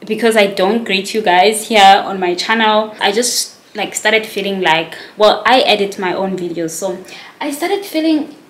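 A woman's voice: medium pitch, a little slow. A woman in her twenties, talking casually to camera in a rambling, self-conscious way. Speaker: vlogger. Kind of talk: casual vlog chat to camera. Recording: echoey room.

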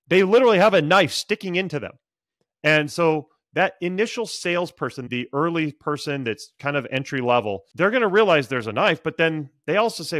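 Middle-aged male sales coach, energetic podcast guest, slightly higher voice, dry close mic. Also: a little fast, dry recording. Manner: energetic, animated, acts out buyers' lines. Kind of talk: podcast interview, storytelling advice.

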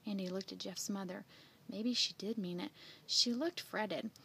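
A woman reading a children's picture book aloud in an expressive read-aloud manner. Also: medium pitch, measured pace, gravelly, slight background noise. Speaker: storybook reader.

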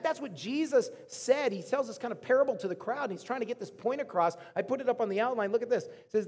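A man's voice: high-pitched, a little mellow, big-room sound. A man in his thirties preaching a casual, conversational sermon to his congregation, often acting out the voices of the people in his story. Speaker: pastor.

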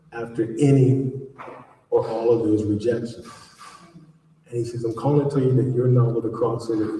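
A man's voice: mid-range voice, slight background noise. A man telling a long story to a live audience at an author event, acting out the voices in it. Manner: animated storyteller, acts out dialogue. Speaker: author speaking at a book event. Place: large echoey hall. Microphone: distant from the recording mic. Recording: echoey hall recorded from far off.

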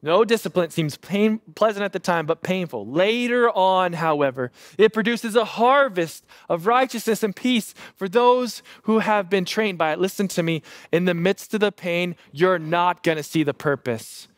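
A man in his thirties, a pastor preaching a sermon and telling a lively family story with self-deprecating humor. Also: high-pitched, moderate pace, few pauses, dry recording, studio quality.

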